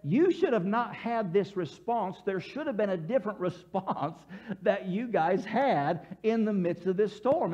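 A male pastor with a high, very lively voice preaches with animated storytelling, slipping into voices for the people in his stories. The sound is a little dull and lo-fi, like a church broadcast feed. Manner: leads congregation call-and-response. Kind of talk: sermon.

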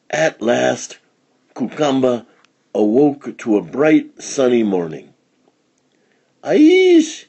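A man reading a children's picture book aloud in an expressive, storytelling manner. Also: medium pitch, gravelly, husky.

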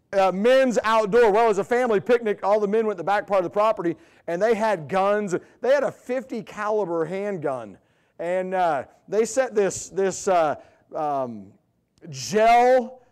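A man's voice: sits high, moderate pace, clean tone. A middle-aged man, an evangelist from Illinois who grew up in the South, speaking in a church and telling folksy, self-deprecating stories. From Illinois, raised in the US South. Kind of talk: sermon introduction, storytelling. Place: church sanctuary.

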